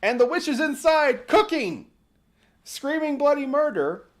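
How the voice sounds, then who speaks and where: A man's voice: very high-pitched, big pitch swings, measured pace. A man hosting a livestream, retelling a folk tale casually with sarcastic, mocking asides and casual swearing. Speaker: host.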